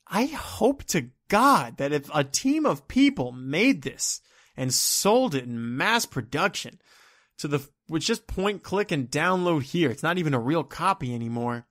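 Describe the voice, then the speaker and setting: A man with a fairly high voice rants into the camera in a vlog. He rambles and sounds exasperated, swearing freely and letting his words trail off into low mumbles. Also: big pitch swings, measured pace, a bit bright. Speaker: vlogger. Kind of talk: ranting vlog.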